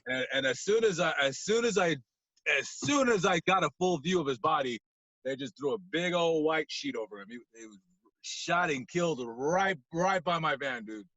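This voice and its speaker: Guy on a podcast telling a wild story, bright kinda high voice, gets loud then mumbly. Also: lively intonation, normal speed, no echo, muffled recording. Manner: acts out voices, swings from loud outbursts to low mumbles. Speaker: podcast guest. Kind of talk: animated storytelling. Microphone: podcast mic.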